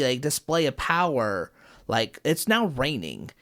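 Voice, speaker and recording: A man co-hosting a podcast, retelling a cartoon episode with lively acted-out quotes. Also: medium pitch, slow. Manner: animated storyteller, acts out quotes. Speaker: podcast co-host. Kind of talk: casual podcast chat, recapping a show.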